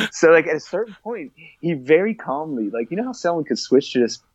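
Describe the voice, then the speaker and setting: A man's voice: on the high side, big pitch swings, moderate pace, husky, no echo. A young man telling wild stories in casual chat, laughing often and swearing freely. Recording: dull, dry lo-fi sound.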